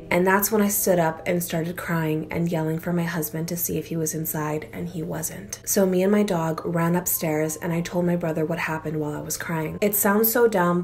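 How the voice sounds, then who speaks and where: A woman's voice: lowish voice, a little mellow. A young woman on her own channel, reading viewers' scary stories aloud in a chatty, filler-heavy way and getting easily spooked. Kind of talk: casual storytelling read-aloud.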